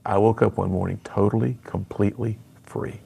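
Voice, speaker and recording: A middle-aged man, a guest on a radio interview, telling his personal story in an earnest, animated way and acting out the lines he quotes. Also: fairly low pitch, moderate pace, creaky, breathy edge. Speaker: radio guest, speaker to students.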